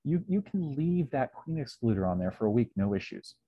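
A man's voice: medium pitch, sing-song, a little fast, slightly rough, dry recording, muffled recording. A man giving a casual slide lecture on beekeeping, with lots of ums, who sometimes acts out little dialogues. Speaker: beekeeping presenter.

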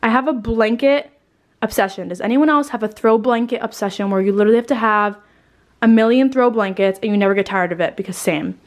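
A woman's voice: a little high, a little fast. A woman in her twenties gushing about her holiday decorating while showing her home, a bit out of breath and swearing casually. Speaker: lifestyle vlogger. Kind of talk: casual home tour chat.

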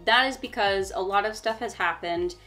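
A woman's voice: medium pitch, normal speed, sharp tone, faint music behind. A young woman co-hosting a casual storytime vlog, talking in a chatty, emphatic way and laughing often. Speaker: vlog co-host.

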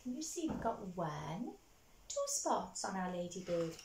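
A woman reading a picture book aloud for children, animated and asking her young listeners questions. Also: lowish voice, a little slow, echoey room, very noisy. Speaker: storyteller for children.

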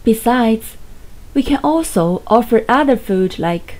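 A woman leads a recorded English lesson, speaking slowly and patiently. Her voice is fairly high but mellow and soft-edged, and she repeats key words for pupils. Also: lively intonation, poor audio. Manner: patient, clearly spoken instructions with repeated words. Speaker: English teacher.

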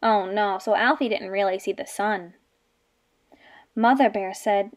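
A woman teacher reading a picture book aloud to young children, gently and expressively. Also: mid-range voice, unhurried.

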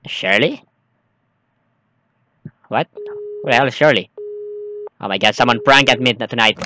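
Jumpy bright-voiced man playing a game. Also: medium pitch, a little slow, slight background noise. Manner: jumpy, exclaiming, nervous chatter. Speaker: gaming streamer. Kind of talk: let's play commentary, reading game text aloud.

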